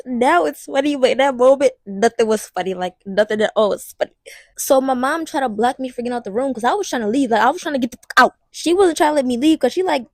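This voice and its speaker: A young woman telling a personal story to the camera in an animated, slangy way, talking straight to the viewer. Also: high-pitched, quick pace, no echo, clean studio sound. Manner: slangy and blunt, with some swearing. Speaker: vlogger. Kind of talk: casual storytime.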